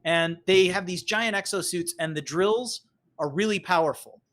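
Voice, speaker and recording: Chatty, higher-voiced male game master. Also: normal speed. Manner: rambling, filler-heavy, animated. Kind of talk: narrating a tabletop game.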